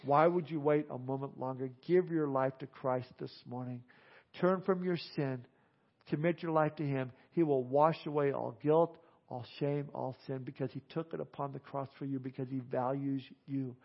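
A male pastor preaching earnestly, slowing on key phrases, then leading a prayer. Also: medium pitch, fairly even intonation, creaky. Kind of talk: sermon with altar call and prayer. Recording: dull lo-fi sound.

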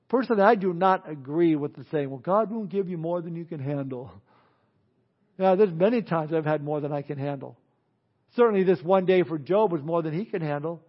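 High-voiced pastor preaching animatedly. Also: male voice. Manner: animated storytelling with asides. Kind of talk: sermon. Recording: dull lo-fi sermon audio.

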